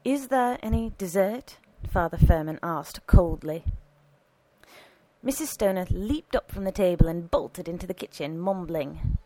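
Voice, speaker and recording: A woman narrating an audiobook story in an expressive, animated reading on a close microphone. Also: on the low side, unhurried, rough recording.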